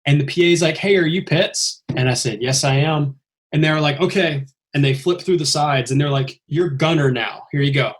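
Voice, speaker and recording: A man's voice: fairly high pitch, fairly quick. A man casually telling a long story on a podcast, acting out the lines he quotes. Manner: animated, acts out quoted lines with a raised voice. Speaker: stuntman telling his story.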